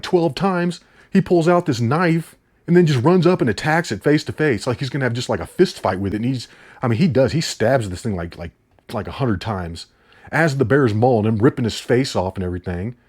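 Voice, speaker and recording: A man's voice: mid-range voice, a little mellow. A man reviewing a movie in a casual, incredulous rant, swearing casually.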